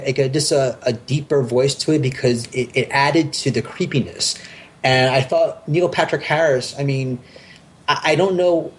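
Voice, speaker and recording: A man's voice: mid-range voice, a little hiss or hum. A man talking casually on a podcast, enthusiastic and rambling, with many restarts and fillers. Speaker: podcast host.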